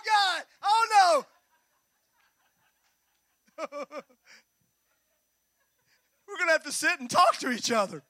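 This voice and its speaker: A high-voiced man preaches a sermon, bright and forceful in tone. He swings from loud rallying calls down to hushed, near-whispered lines, dropping folksy jokes to his congregation. The sound is close and dry. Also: no room sound. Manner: folksy, joking asides to the congregation. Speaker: pastor.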